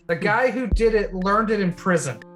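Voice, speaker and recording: A woman's voice: medium pitch, animated, moderate pace. A woman teasing her friends brashly in casual chat before a tabletop game.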